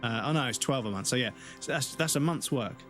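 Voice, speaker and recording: A man streaming live, chatting casually and rambling, swearing freely, his throat slightly rough and dry. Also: medium pitch, fast, a bit bright, faint music behind.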